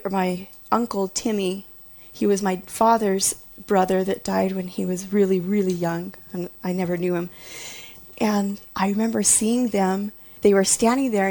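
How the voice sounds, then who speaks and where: Gravelly-voiced woman telling a personal story. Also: medium pitch. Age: adult mother. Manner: earnest, often drops to a hushed whisper. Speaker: storyteller recounting a personal experience. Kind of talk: personal testimony.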